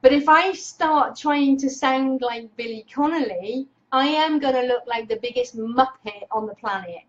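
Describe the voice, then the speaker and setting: Bubbly woman on a webcam live, highish voice, kinda dull lo-fi sound, gets excited fast. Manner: excitable, energetic, greets viewers by name. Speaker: Facebook Live host and speaking coach. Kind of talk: casual live-stream coaching talk. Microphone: webcam clipped on monitor.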